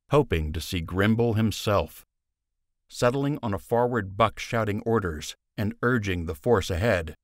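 A lowish-voiced male narrator reads a scripted audiobook in a calm, measured storytelling style. The audio has no echo and is studio quality.

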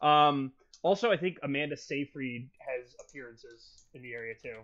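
A man's voice: medium pitch, moderate pace, fairly bright tone. A man co-hosting a podcast, chatting in a wry, meandering way. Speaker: podcast co-host. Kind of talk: casual chat. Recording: dull lo-fi mic.

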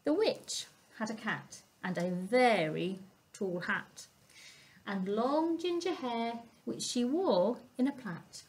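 A woman storyteller reading a picture book aloud to young children, expressive and asking them questions. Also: on the high side, slow. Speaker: family centre storyteller.

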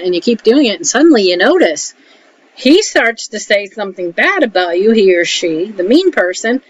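A woman talking casually to camera, giving frank advice and often checking in with a quick "okay?". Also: medium pitch. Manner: chatty, keeps checking in with "okay?"; frank, mildly salty. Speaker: emotional support vlogger. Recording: dull lo-fi audio with faint hiss.

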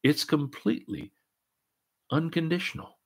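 A man's voice: fairly high pitch, a little slow, vocal fry, husky. A middle-aged man preaching a sermon earnestly, full of repeats and restarts. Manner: repetitive, earnest, many restarts and "and, and". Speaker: pastor.

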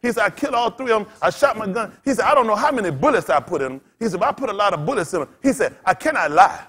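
High, lively-voiced preacher man. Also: racing, breathy edge. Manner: animated, laughing, swings between loud outbursts and soft asides; blunt, street-talking, cussing. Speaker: pastor. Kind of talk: storytelling sermon.

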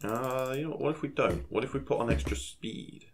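A man giving casual gameplay commentary, chatting to himself as he plays and breaking into excited exclamations. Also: medium pitch, a little fast, slight background noise. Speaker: gaming channel host.

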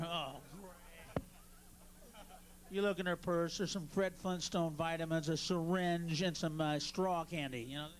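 A man doing a stand-up routine on a club stage, brash and profane, working the crowd and bursting into shouts. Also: on the high side, fairly even intonation, a little slow, a little hiss or hum. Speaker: stand-up comedian.

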